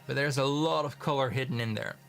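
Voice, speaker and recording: A man casually commenting in his studio as he looks at his handmade pigments, halting and restarting often. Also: medium pitch, vocal fry, fairly bright tone, soft background music. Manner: rambling, halting, many restarts. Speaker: pigment maker filming his studio work. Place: home studio.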